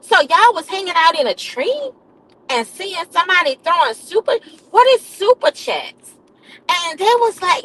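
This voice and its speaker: A woman's voice: very high-pitched, sing-song, moderate pace, a bit bright, rough recording. A woman live streamer, a nurse, telling a comic story to her chat in a dramatic, repetitive way, calling listeners baby and honey.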